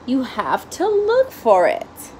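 Patient frog dad, voiced by a woman reader, calling out brightly in a storybook. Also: high-pitched, huge pitch swings, slow pace, a little hiss or hum, full character voice. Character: patient father frog calling his son.

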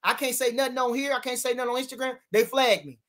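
A man's voice: extremely high pitch, fairly even intonation, fast, a bit bright. A man hosting a casual livestream about boxing. He reads viewer comments aloud and answers them in brash, boastful street slang, repeating lines for emphasis.

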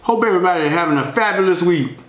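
Man, relaxed slangy mukbang chatter, talks while chewing, roomy echoey room at home. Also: high voice, rapid-fire. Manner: laid-back, chatty, slangy, talks between bites. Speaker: food vlogger. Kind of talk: casual mukbang chat while eating. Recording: roomy echo.

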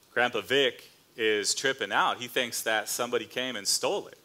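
A man pastor preaching a sermon as a relaxed, conversational story, with casual fillers and slang asides. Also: mid-range voice, normal speed, few pauses. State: choked up near the end.

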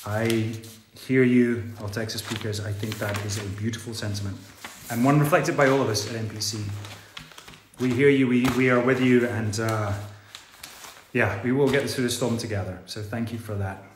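A man's voice: mid-range voice, fairly even intonation, moderate pace, roomy sound, noisy background. A man hosting an online gala, chatting playfully and reading out fan messages with joking asides. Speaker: gala host.

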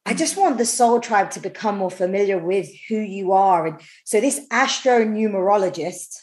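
A woman's voice: mid-range voice, expressive, moderate pace, darkish tone. A woman hosting a podcast, bubbly and effusive, chatting casually with a guest and gushing with gratitude. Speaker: podcast host. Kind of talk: casual interview chat.

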